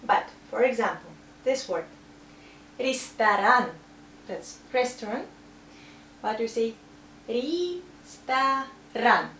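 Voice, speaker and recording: A woman with a Russian accent teaching a language lesson, saying example words slowly and carefully. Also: on the high side, far from the mic. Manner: careful, drawn-out demonstration of words. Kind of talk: slow spoken language lesson. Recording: echoey room, voice from off mic, faint hum.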